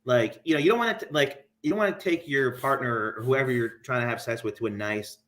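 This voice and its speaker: A man's voice: mid-range voice, brisk, a bit bright. A man who is a guest comic, chatting casually and rambling, with his talk full of filler words. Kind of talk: casual chat.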